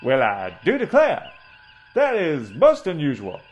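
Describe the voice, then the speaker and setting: Man playing an old ship's doctor, pompous and preachy, comedy audio parody, lively swooping pitch, faint music. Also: measured pace, muffled recording. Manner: florid, preachy, drawling oratory.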